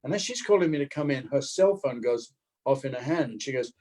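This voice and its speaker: An older man telling a lively showbiz anecdote over a video call, acting out the other people's voices as he goes. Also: medium pitch, fairly quick, rough recording. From Australia. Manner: animated storyteller acting out voices. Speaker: guest actor.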